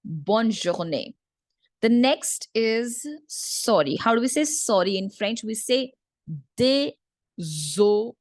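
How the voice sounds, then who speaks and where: A woman teaching a French lesson in English, patiently repeating each word slowly for learners. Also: a little high, no room sound, clean studio sound. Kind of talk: online language lesson.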